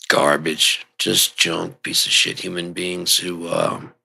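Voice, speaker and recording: A man with a low, gravelly voice and a bright, forceful edge rants on in a rambling monologue. He swears constantly and jumps without warning into loud, heated outbursts. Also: level tone, slow. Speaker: show host.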